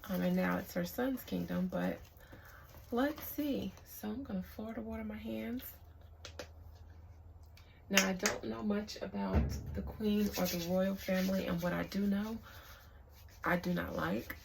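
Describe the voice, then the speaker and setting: Slow, gravelly-voiced woman tarot reader. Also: medium pitch, fairly even intonation, slight background noise. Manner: slow, halting, hushed invocations. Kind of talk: casual spiritual reading. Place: outdoors.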